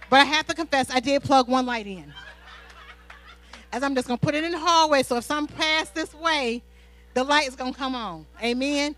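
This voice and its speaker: A woman preaching a sermon with animated personal stories, often asking the congregation "Amen?". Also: sits high, fairly quick, poor audio. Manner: animated storytelling, call-and-response "Amen?". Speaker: pastor's wife preaching.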